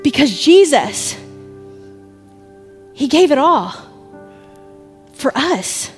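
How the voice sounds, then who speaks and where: Animated woman preaching in an echoing hall. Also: high-pitched, extremely slow, soft background music. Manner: animated storytelling, chatty asides. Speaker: pastor. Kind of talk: sermon. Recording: long reverb in a hall.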